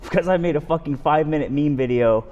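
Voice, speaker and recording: A man co-hosting a podcast in casual chat, excitable and profane. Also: fairly high pitch, quick pace, long reverb tail, highs cut off. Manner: excitable, profane, laughs a lot. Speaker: podcast co-host.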